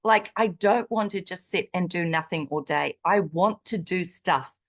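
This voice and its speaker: A woman's voice: fairly low pitch, unhurried. A middle-aged woman on a video call, chatting animatedly with lots of fillers as she tells her own health story. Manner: chatty and animated, many fillers, acts out quoted dialogue. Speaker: guest sharing a personal health story. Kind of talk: casual video-call chat.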